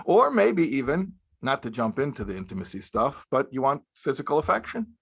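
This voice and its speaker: A man's voice: medium pitch, big pitch swings, moderate pace, a bit bright, husky. A man, a rabbi, giving a sermon-style talk to young married men, emphatic and repeating his key phrases, with Hebrew and Yiddish terms mixed in. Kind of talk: spoken sermon-style lecture.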